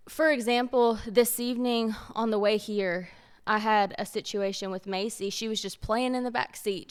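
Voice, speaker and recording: Earnest woman, smooth voice. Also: mid-range voice. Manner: earnest, storytelling, repeats for emphasis. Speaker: podcast co-host. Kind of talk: casual faith-based chat.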